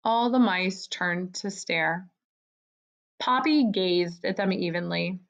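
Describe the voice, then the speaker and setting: Slow, measured woman reading a storybook. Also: fairly low pitch. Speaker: narrator. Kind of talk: storybook read-aloud.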